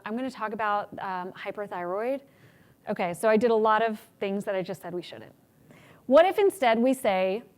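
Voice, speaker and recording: A woman presenting a workshop on public speaking, energetic and acting out examples of good and bad delivery. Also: medium pitch. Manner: energetic, demonstrates examples in changed voices. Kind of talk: teaching a conference workshop.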